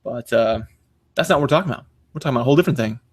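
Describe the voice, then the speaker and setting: A man's voice: mid-range voice, lively intonation, racing, dry recording, studio quality. A man hosting a podcast, chatting casually in a rambling, self-interrupting way and swearing now and then. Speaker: podcast host.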